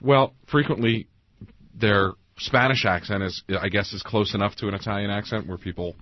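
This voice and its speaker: A man co-hosting a radio show, telling stories in a halting way with repeated words. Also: fairly low pitch, fairly even intonation, no echo. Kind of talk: casual radio talk, storytelling. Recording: dull lo-fi radio broadcast.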